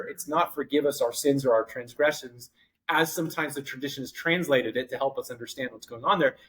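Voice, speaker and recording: A man teaching a Bible class in an easygoing lecture voice. His pitch sits in an ordinary middle range, and he talks off the cuff. Thoughts come out in loose chunks, with fillers and restarts along the way. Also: rough recording.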